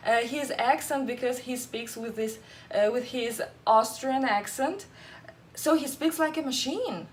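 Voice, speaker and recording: A woman's voice: high voice, expressive, unhurried. Woman teacher. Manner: laughs often, many fillers. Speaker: English teacher. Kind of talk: casual chat.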